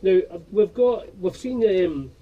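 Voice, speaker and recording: A man hosting a casual radio interview, halting and restarting his questions often. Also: high-pitched, animated, recorded from a distance, phone-quality sound, a little hiss or hum. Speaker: radio host. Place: radio studio.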